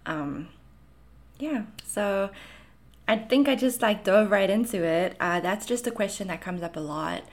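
A South African woman in her thirties, her accent blended with Canadian, answers viewer questions in a casual Q&A monologue as an anxiety content creator. Her medium-pitched voice moves at a normal speed, chatty and reassuring, with frequent fillers.

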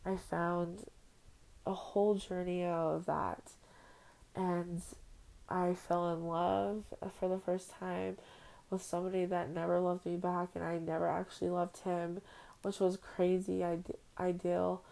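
A woman's voice: on the low side, flat delivery, unhurried, gravelly, dark tone, poor audio. A young woman hosting her own podcast, recording at home on her phone and talking in a heartfelt, rambling, emotional personal monologue. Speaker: podcast host. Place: at home on a bed.

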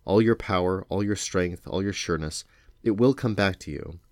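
A man's voice: low-pitched, normal speed, a little mellow, no echo, studio quality, close to an everyday voice. A man reading aloud as a practical older woman cook who talks mildly and in a matter-of-fact way. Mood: gentle.

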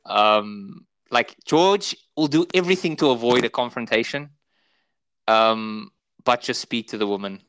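A South African man co-hosting a podcast, casually retelling sitcom scenes and jumping into high, squeaky imitations of the characters. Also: measured pace, a bit bright, no room sound. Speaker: podcast co-host. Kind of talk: casual chat.

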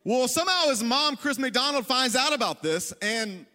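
A male pastor with a high, bright voice tells a funny story in a casual, self-deprecating way. He speaks in a large church hall, and his voice rings out with a long echo. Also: lively intonation, moderate pace. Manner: self-deprecating, joking, conversational. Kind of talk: storytelling sermon.

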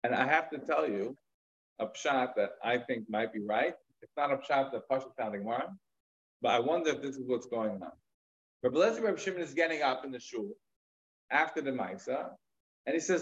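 A man's voice: medium pitch, expressive, a little fast, highs cut off. A man teaching a Talmud lecture, retelling a story in a conversational way with casual fillers and asides. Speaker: rabbi teaching.

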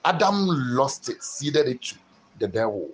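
A man preaching a sermon, building rhythmic repeated phrases that swell into loud, fervent peaks. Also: mid-range voice, big pitch swings, measured pace, a little hiss or hum, poor audio. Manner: rhythmic repetition with sudden swells.

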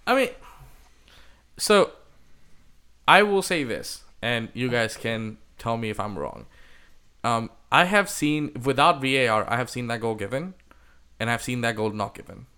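A man's voice: mid-range voice, sing-song, measured pace, sharp tone, clean tone. Blunt, swearing man on a football podcast. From India. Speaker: podcast host. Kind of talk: casual chat.

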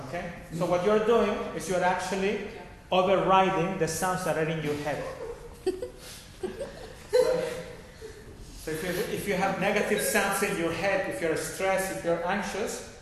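A man's voice: high-pitched, steady tone, moderate pace. A man teaching a guided laughter meditation class, giving instructions and checking in with a repeated "okay?". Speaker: yoga teacher. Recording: echoey hall with faint noise.

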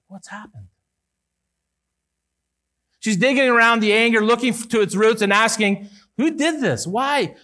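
A male pastor delivering a sermon in an earnest manner, rising for emphasis and dropping low and soft at key words. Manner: earnest, rises and falls with emphasis, some restarts.

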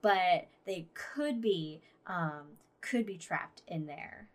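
A woman's voice: fairly low pitch, expressive, slow. A woman co-hosting a casual podcast, rambling with frequent fillers and laughter. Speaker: podcast co-host. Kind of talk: casual chat.

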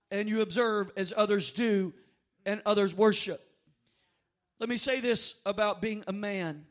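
A male pastor preaches to his congregation in a strikingly high voice. He swings from quiet storytelling to shouted, drawn-out lines that almost become song. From North Louisiana. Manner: dynamic preaching, bursts of shouting and drawn-out sung phrases. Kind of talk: sermon. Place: church sanctuary before a congregation.

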